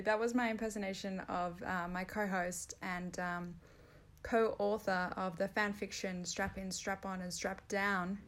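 A woman's voice: mid-range voice, level tone, unhurried, fairly bright tone. Rambling, playful Australian woman podcaster. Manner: rambling, self-mocking, playful. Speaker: podcast host. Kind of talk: solo comedy podcast chat.

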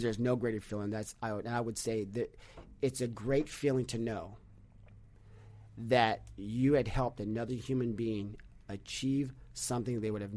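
Animated male storyteller, many restarts. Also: lowish voice. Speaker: podcast guest, business leader. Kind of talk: casual conversational storytelling.

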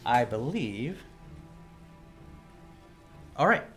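A man narrating as the game master of a tabletop game, in a slow, halting way with many fillers. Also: mid-range voice, very animated, fairly bright tone, soft background music. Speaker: dungeon master.

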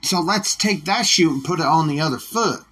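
A man's voice: fairly high pitch, moderate pace, fairly bright tone, breathy edge. A man hosting a solo podcast, ranting bluntly with heavy swearing. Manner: profane, blunt, defiant. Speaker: podcast host. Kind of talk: solo opinion rant.

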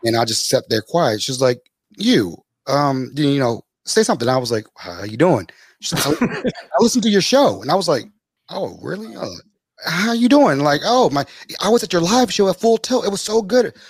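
A man, a podcast host telling stories as a guest, lively and acting out the people he quotes. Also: normal speed, breathy edge, no echo, studio quality. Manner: animated, acts out quoted people with big pitch jumps. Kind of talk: casual storytelling in an interview.

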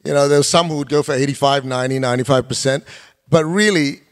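A man's voice: medium pitch, steady tone, quick pace. A middle-aged male pastor preaching a sermon, firing rhetorical questions with emphatic delivery. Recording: long hall reverb.

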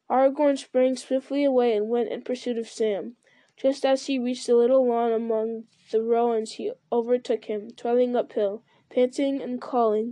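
A woman reading a fantasy novel aloud in a steady storytelling manner, with occasional slips. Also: a little high, normal speed, dry recording. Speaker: reader.

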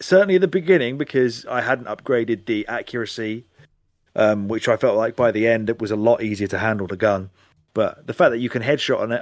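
A man's voice: medium pitch, dry recording, clean studio sound. A man chatting animatedly on a casual gaming podcast, rambling and swearing now and then. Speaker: podcast co-host.

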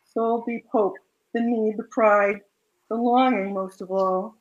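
A woman author reading her own romance fiction aloud in a soft, measured way, then chatting about the story. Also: on the high side, fairly even intonation, lo-fi sound.

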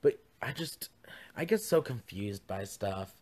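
A man's voice: fairly low pitch, big pitch swings, measured pace, a little mellow. A young man hosting his own podcast from home, talking in a campy, rambling, chatty way full of asides. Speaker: podcast host. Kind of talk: casual chat. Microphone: podcast mic.

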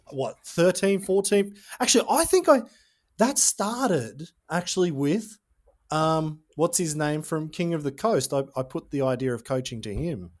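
A man hosting a casual podcast, talking in a reflective, halting way about himself. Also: on the high side, a little mellow.

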